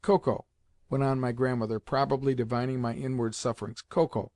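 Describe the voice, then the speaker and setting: A man narrating a classic novel as an audiobook reader, in a measured, even reading. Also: mid-range voice, no room sound, clean studio sound.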